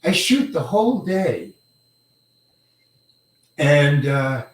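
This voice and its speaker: Older man, actor interviewee, rambling halting anecdotes, chuckles, slightly high voice, roomy echo. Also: very animated. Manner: rambling, halting, repeats words, chuckles often. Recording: roomy echo, mic set far away.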